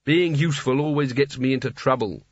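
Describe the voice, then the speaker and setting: A man's voice: mid-range voice, a little fast, dry recording, lightly acted. A man voicing a nervous, cowardly male wizard with a plaintive tone in an audiobook. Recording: dull dry audiobook recording.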